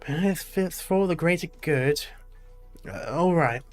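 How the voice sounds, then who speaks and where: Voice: medium pitch, expressive, unhurried, faint music behind, close to an everyday voice. A streamer reading out a cautious man in a game's story, hedging and reluctant in an everyday voice.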